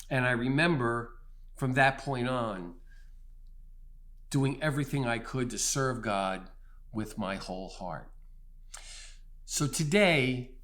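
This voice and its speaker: A middle-aged man telling a personal faith testimony in an earnest way, swinging from loud bursts to hushed near-whispers. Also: mid-range voice. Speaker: storyteller giving testimony.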